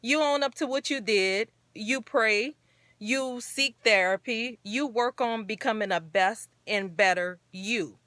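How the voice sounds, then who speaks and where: A woman's voice: on the high side, a little slow, fairly bright tone, no room sound. A woman hosting her own talk show, speaking earnestly and encouragingly in a rambling, casual way. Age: adult parent. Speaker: show host.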